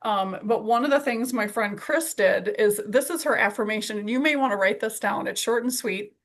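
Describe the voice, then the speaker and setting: A woman's voice: on the high side, moderate pace. Upbeat woman hosting her team call, keeps saying how good it was, super encouraging. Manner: enthusiastic, encouraging. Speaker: sales team leader hosting a weekly call.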